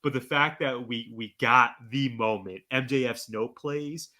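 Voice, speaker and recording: A man's voice: medium pitch, a little slow, bright, forceful tone. A man co-hosting a podcast, chatting casually and making his points with emphatic admiration. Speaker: podcast co-host.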